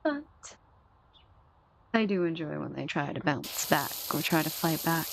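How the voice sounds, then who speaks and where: A young adult woman streaming a game in a soft-spoken ASMR manner, teasing and chatting lazily with her viewers. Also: low voice, lively intonation, measured pace, gravelly, slight background noise, rough recording.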